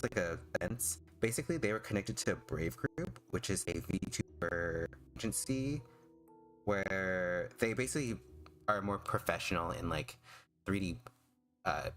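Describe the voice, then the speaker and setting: A young man streams as a VTuber, chatting casually while he draws. His low, slightly bright voice carries vocal fry, and he rambles hesitantly with lots of fillers and restarts.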